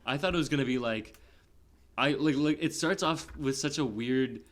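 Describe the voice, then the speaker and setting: A man in casual podcast chat, reviewing a film in a loose, rambling way. He leans on fillers and restarts, then jumps up in energy when a point excites him. His pitch sits in the middle for a man. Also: moderate pace. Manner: rambling, heavy filler "like", animated bursts. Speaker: podcast co-host.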